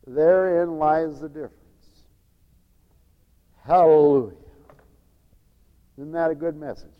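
A man preaching a radio sermon, animated, acting out the whining voices of children as he goes. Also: on the high side, takes it slowly, in a large hall, narrow, tinny audio.

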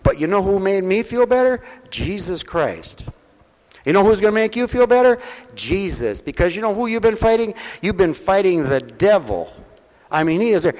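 A man preaching at a mission with a slightly high voice that rings out in a hall with a long echo. He talks in a folksy, direct way, asking his listeners questions, and moves between loud preaching and soft, close talk. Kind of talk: sermon.

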